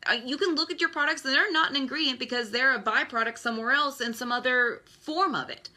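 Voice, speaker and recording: Host, female, thirties, tense and bright-toned, frustrated ranting delivery for a casual live stream. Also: high-pitched, fast. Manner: exasperated, ranting. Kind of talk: Facebook Live talk.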